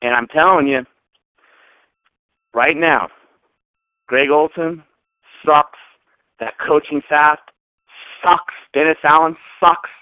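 A man's voice: on the high side, fairly even intonation, slow pace, long pauses, clear, resonant tone, dry recording. Ranting man on a tinny phone line. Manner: ranting, sarcastic, emphatic. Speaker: caller. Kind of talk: fan call-in rant.

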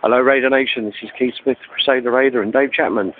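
A man's voice: mid-range voice, fairly even intonation, quick pace, hardly any pauses. A man phoning in a chatty message full of thanks, with hesitant fillers. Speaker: fan correspondent. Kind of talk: phoned-in message. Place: airport. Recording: tinny phone line from an airport.

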